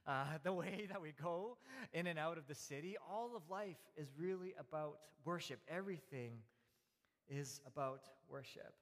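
Male pastor, 30s, slightly high voice, easygoing sermon delivery full of "uh"s and restarts, long church-hall reverb. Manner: relaxed storytelling with frequent fillers and restarts. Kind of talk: conversational sermon.

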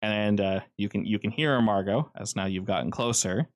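A man narrating a tabletop game as game master, describing scenes in a slow, ominous, measured way. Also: lowish voice.

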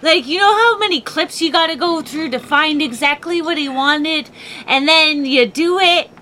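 A woman's voice: high-pitched, normal speed, pushed and bright, a little hiss or hum. A woman co-hosting a podcast, giggly and playful in casual banter. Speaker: podcast co-host.

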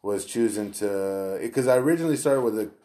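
A man's voice: on the low side, a little fast, mellow. A man in casual chat, laid-back and loose, swearing freely and filling his talk with "you know" and "like".

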